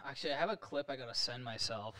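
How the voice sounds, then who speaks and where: A man's voice: medium pitch, very fast, bright, forceful tone, no room sound. A man co-hosting a podcast in laid-back casual chat, setting up clips. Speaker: podcast co-host.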